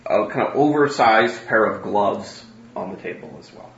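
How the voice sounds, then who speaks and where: A man narrating a tabletop game as game master, halting with many ums and restarts. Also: lowish voice, fairly bright tone, roomy sound, lo-fi sound.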